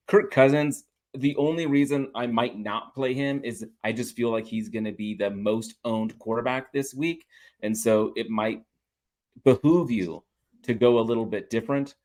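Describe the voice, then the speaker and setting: A man giving fantasy football picks in a casual chat, relaxed and hesitant with frequent fillers. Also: fairly low pitch, normal speed. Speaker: fantasy sports analyst. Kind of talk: casual sports betting chat.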